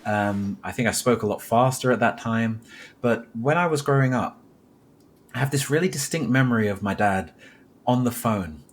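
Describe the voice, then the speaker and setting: Husky man recalling a childhood memory. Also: mid-range voice. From South London, England. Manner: reflective, recalls details slowly with self-corrections. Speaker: podcast guest. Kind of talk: personal storytelling in conversation.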